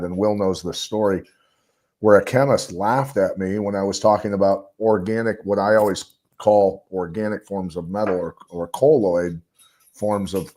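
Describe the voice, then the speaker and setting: A man's voice: low-pitched, a little mellow. A man talking as a podcast guest, rambling and emphatic, with lots of fillers. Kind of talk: casual podcast discussion.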